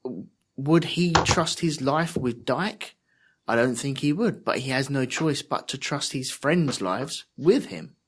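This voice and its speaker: Young male co-host, mid-pitched voice, thoughtful casual chat with a few halts. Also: animated, slow pace, a bit bright, husky. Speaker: podcast co-host.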